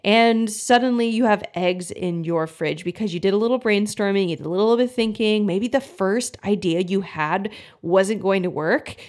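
A young woman talks to her listeners in a friendly, earnest podcast style, her voice sitting at an ordinary middle pitch. Now and then she jumps into quick, lively voices to act out anxious inner thoughts. She sounds like a coach talking someone through a problem. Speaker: podcast host, gut health coach. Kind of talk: casual solo podcast talk.

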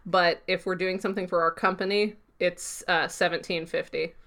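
A woman's voice: on the low side, fairly even intonation, moderate pace, fairly bright tone. A woman co-hosting a podcast, chatting casually as she recaps a TV episode with a lot of "like". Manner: rambling recap, heavy use of "like". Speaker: podcast co-host.

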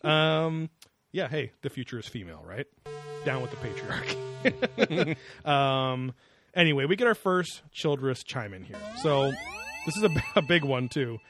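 A man's voice: medium pitch, very animated, moderate pace, music in the background. A man co-hosting a casual podcast chat, laughing often and joking loosely with some swearing. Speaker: podcast co-host.

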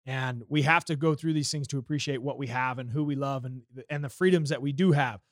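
A man's voice: mid-range voice, brisk, dry recording, studio quality. A man co-hosting a podcast, giving earnest, reflective closing thoughts with casual swearing. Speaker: podcast co-host. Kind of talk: casual political chat.

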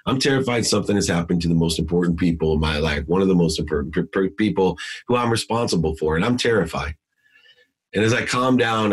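Husky low-voiced man preaching calm. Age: middle-aged. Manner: emphatic, preachy, repeats key words. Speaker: guest speaker. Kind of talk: motivational storytelling.

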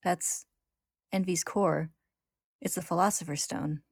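A woman's voice: lowish voice, steady tone, unhurried, dark tone, slightly rough, dry recording, studio quality. A woman voicing a stubborn young alchemist. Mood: dazed. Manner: shaky, then defiant. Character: shaken teenage male alchemist, stubborn.

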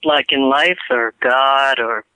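A man calling in to a show, his voice bright and crisp on a dry line. He talks casually and jokes along in a relaxed way. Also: medium pitch, slow, dry recording, poor audio. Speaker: caller. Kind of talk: casual phone chat.

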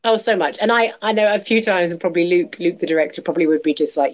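Guest: bubbly thirties actress, lowish voice, animated storyteller who acts out quotes. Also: female voice, fast talker, hardly any pauses. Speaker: musical theatre actress, guest. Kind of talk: casual interview chat.

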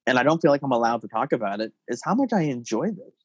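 A man hosting a casual podcast, joking and animated, quick to laugh. His voice sits in a middling range. The sound is dry and close on the mic. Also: medium pitch, breathy edge, dry recording, highs cut off. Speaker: podcast host.

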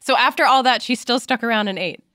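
Woman, podcast host, casual interview, curious questions, bright tense tone. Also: fairly high pitch, quick pace.

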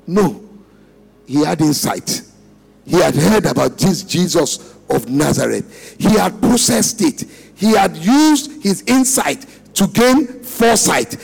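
A man preaches in a church service, his high voice leaping and falling wildly between shouts and hushed lines. His tone is husky and gravelly, pulling the congregation into call and response, with faint music underneath. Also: big pitch swings, unhurried. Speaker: pastor. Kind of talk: sermon.

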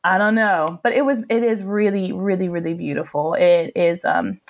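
A woman's voice: on the low side, normal speed, gravelly, a little mellow. A young woman from New Mexico co-hosting a podcast in casual chat, talking loosely with lots of fillers and laughter. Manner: chatty, laughs often, many fillers. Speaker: podcast co-host.

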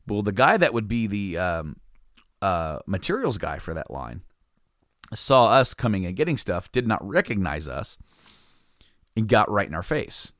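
A man's voice: lowish voice, very animated, moderate pace, fairly bright tone, dry recording, studio quality. A man telling a casual, rambling story, laughing often and swearing freely.

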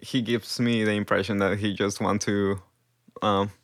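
Slow halting man. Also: on the low side, flat delivery. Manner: hesitant, halting with many ums. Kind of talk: casual chat.

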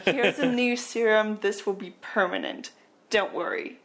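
A woman's voice: medium pitch, unhurried, a bit bright. Smug scheming doctor, as a woman puts him on, offhand tone. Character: Doctor Berner, scheming male doctor.

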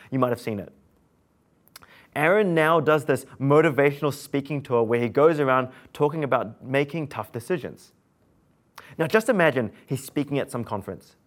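A man, preaching an earnest sermon full of rhetorical questions to his listeners. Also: medium pitch.

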